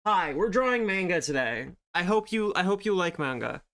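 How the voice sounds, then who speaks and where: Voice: mid-range voice, expressive, normal speed, fairly bright tone. A streamer chatting casually to viewers while drawing, greeting them by name, with rambling asides.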